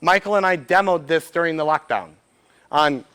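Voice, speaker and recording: A man, giving a lively workshop talk to a live audience, acting out short bits of dialogue and asking the room questions. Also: a little high, moderate pace, clear, resonant tone. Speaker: speaker at a business event. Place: event room before an audience.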